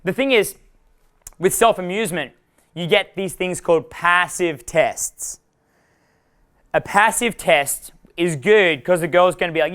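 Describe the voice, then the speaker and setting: A man's voice: high voice, a little slow, fairly bright tone. A young adult man leading a live dating workshop, rambling and profane, laughing at his own jokes. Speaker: dating coach.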